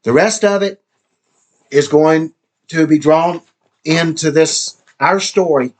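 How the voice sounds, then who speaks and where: A man's voice: a little high, takes it slowly. Impassioned middle-aged man pleading. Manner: impassioned, pleading, stammers when upset. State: frustrated, exasperated. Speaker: father addressing his estranged daughter. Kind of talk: emotional direct-to-camera monologue.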